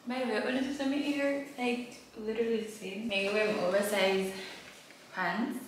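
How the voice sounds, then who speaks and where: A young woman vlogging at home, talking bluntly and rambling as she swears and drifts into patois. Her voice sits back from the mic in a very echoey room, with a steady hiss of room noise underneath. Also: on the high side, normal speed, distant mic. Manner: blunt, rambling, swears freely, mixes in Caribbean-style patois. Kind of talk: casual vlog chat to camera.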